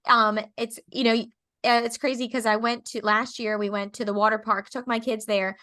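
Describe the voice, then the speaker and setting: A woman hosting a podcast in casual chat, talking fast and loose with lots of fillers and acted-out quotes. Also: a little high, level tone, pushed and bright. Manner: chatty, lots of fillers, acts out quoted people. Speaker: podcast host.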